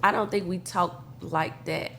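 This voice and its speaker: A woman with a Memphis accent, a guest talking in a relaxed, slangy way with many fillers. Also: on the low side, measured pace, gravelly, slight background noise. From Memphis, Tennessee. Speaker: guest, studio owner. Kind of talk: casual interview chat.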